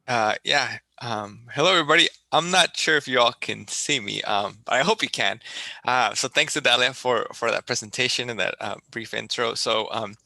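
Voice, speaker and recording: A man's voice: mid-range voice, moderate pace, gravelly, sharp tone, dry recording. A man from the San Diego-Tijuana border region introducing himself on a video call, friendly with many hesitations. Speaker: EPA representative. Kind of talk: self-introduction in online meeting.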